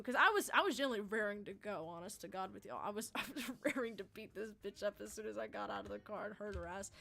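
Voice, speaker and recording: A young woman, streaming and telling a story in a profane, animated, dramatic rant. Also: fairly high pitch, a little fast, vocal fry, hardly any pauses, faint music behind.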